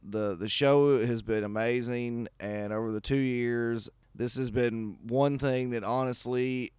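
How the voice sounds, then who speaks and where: Man, caller, earnest and rambling, smooth and dry. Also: medium pitch, fairly even intonation, measured pace, darkish tone, no room sound. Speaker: caller, longtime listener. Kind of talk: recorded voice message.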